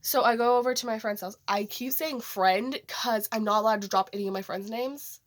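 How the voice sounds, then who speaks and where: A woman's voice: on the high side, fairly quick. Teen girl rambling through a dream story. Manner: rambling, many fillers and restarts. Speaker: vlogger.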